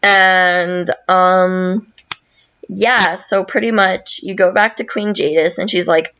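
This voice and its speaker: A woman's voice: lowish voice, fairly even intonation, slow, a bit bright, clear, resonant tone, lo-fi sound. A woman hosting a podcast, casually recapping a video game in a rambling, profane way full of fillers. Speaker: podcast host.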